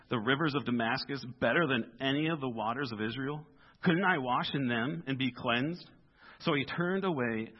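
A male pastor delivers a casual, conversational sermon in a church, acting out the people in the story with everyday voices. His pitch sits in a middle range, and the recording sounds dull and lo-fi. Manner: animated, acts out the story characters in casual voices.

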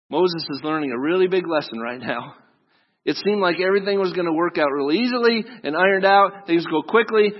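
Guy preaching a sermon, chatty and jokey, kinda high voice, lo-fi muffled audio. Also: fast. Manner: conversational, jokey storytelling with asides to listeners. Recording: dull lo-fi recording.

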